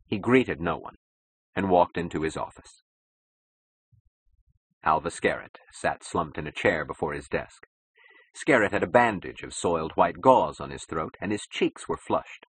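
Very deep husky male audiobook narrator. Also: lively intonation, unhurried, a bit bright, no room sound, poor audio. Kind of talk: scripted narration.

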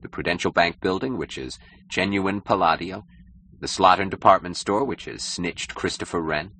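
A man voicing a cynical, powerful male publisher who speaks gravely and with smooth mockery in an audiobook. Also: deep voice, normal speed, sharp tone, a little hiss or hum. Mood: mocking.

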